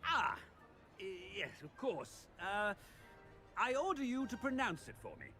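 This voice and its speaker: A man's voice: high-pitched, wildly swooping pitch, measured pace, bright, forceful tone, soft background music, exaggerated voice. An actor playing a young wizard posing as a haughty headmaster in a video game, blustering to cover his slips.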